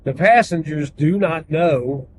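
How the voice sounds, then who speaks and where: A man's voice: a little high, slow, slight background noise, low-quality recording. Joking man interviewing passengers. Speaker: host and party bus driver. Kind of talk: casual interview.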